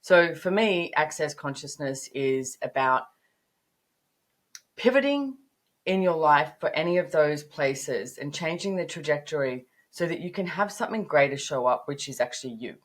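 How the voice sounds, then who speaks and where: A woman in her fifties speaks in a low register, telling stories in a lively, animated way. Her voice climbs sharply on emphatic words, then settles back into relaxed interview conversation. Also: normal speed. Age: 50s. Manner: animated storytelling, rising to emphatic peaks. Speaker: podcast guest, business author.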